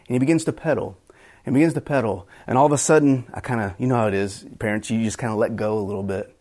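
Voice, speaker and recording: A man's voice: lowish voice, quick pace, darkish tone. A middle-aged man preaching a sermon in an earnest way, often repeating words as he restarts his phrases. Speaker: pastor.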